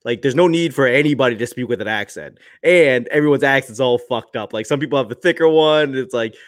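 A man's voice: medium pitch, brisk, dry recording, clean studio sound. Profane stammering male podcast co-host. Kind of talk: casual banter.

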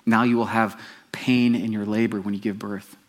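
A man giving voice to God as a stern judge, pronouncing curses slowly and gravely. The voice stays close to his own, measured and solemn. It sounds like a preacher retelling scripture. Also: fairly low pitch, little pitch movement, lightly acted. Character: God, stern judging male voice.

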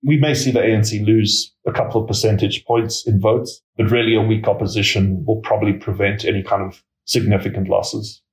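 A man giving measured expert commentary as an interview guest, hedging his points with many filler words. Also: fairly low pitch, level tone, roomy sound, low-quality recording. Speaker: political risk analyst guest.

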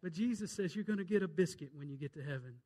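A male pastor delivers a fervent sermon in a high, bright voice. He quotes scripture and tells jokes, his delivery swinging from loud urgent calls to hushed, pleading lows. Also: lively intonation, fast talker.

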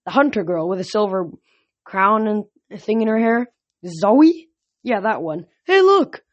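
A woman's voice: medium pitch, measured pace, natural voice. A woman voicing a cocky male flying horse with a slangy, eager way of talking. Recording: dull lo-fi recording.

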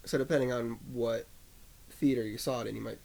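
A man in casual conversation, calmly explaining film history with frequent fillers. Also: medium pitch, a little fast, creaky.

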